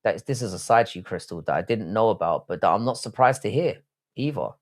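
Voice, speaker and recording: A man's voice: fairly low pitch, animated, quick pace. A man in his thirties with a South London accent, chatting bluntly and profanely to his live chat while watching fights. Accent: South London English. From England. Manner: profane, blunt, banter reading chat aloud. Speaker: livestream host.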